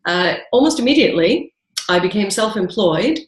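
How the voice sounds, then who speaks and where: A woman's voice: medium pitch, lively intonation, moderate pace, echoey room, rough recording. A woman from New York who has lived long in the UK, talking in a chatty way as an interview guest on a video call. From New York, raised partly in the US and then the UK. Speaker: interview guest, author and coach.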